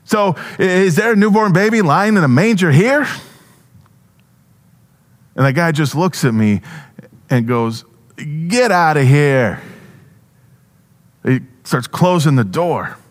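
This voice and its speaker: A male pastor giving a first-person storytelling sermon, animated with halting restarts. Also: fairly high pitch.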